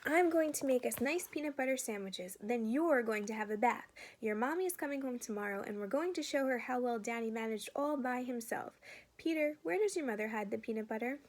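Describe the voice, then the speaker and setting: A woman's voice: fairly high pitch, lively intonation, brisk. A woman reading as an upbeat, coaxing dad. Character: cheerful confident father cooking for his boys.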